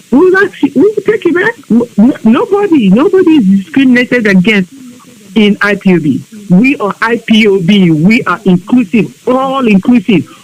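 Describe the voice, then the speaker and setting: On a live online broadcast, a woman from Nigeria's Biafra region addresses a women's group she belongs to, alternately pleading with and scolding them in an impassioned exhortation. Her voice is on the high side, and the recording quality is low.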